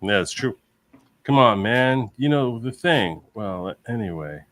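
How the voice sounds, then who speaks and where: A man on a live legal commentary stream who talks excitedly, repeats himself and reads chat comments aloud. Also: fairly low pitch, no echo. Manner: excitable, repeats himself, quickly concedes points. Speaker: lawyer streamer reading chat.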